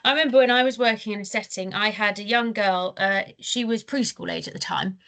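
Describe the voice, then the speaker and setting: A woman's voice: medium pitch, brisk, gravelly, fairly bright tone. A British woman co-hosting a podcast, chatty and full of anecdotes, acting out quotes. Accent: British English. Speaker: podcast co-host, early years trainer. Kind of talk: casual podcast discussion.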